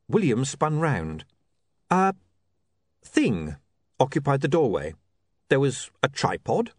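A man narrating an audiobook in a wry, measured storytelling manner. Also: mid-range voice, no echo, clean studio sound. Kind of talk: scripted narration.

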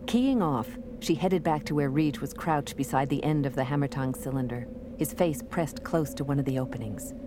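A woman narrating an adventure audiobook in a steady, measured reading. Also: very deep voice. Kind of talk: scripted narration. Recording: noisy recording.

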